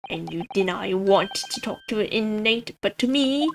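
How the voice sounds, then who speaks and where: A woman voicing a gruff, hostile middle-aged male prison governor. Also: medium pitch, animated, normal speed, soft background music. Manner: hostile, loud, blustering.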